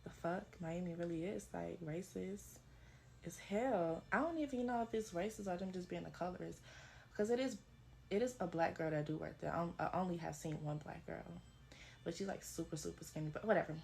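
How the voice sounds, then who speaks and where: Young woman, low gravelly voice, blunt and offhand, casual profane storytime to camera. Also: a little fast, darkish tone, slight background noise. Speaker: club dancer sharing her experience.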